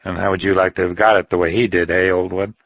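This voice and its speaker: A slightly drunk man teasing his friend, as a male narrator voices him. The voice is deep and even. The audio is dull and close. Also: fast, no echo.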